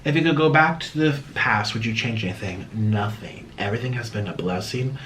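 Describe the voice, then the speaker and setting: A man chatting casually through a mukbang eating vlog, dramatic and swinging between low mumbles and excited yelps. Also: fairly quick, slight background noise. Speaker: mukbang vlogger.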